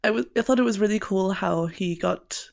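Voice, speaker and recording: A woman's voice: medium pitch, a little fast, gravelly, a little mellow. A woman from northern England co-hosting a casual podcast chat, chatty and laughing at herself, a bit tipsy. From northern England (Burnley). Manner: chatty, laughing, self-mocking. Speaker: podcast co-host.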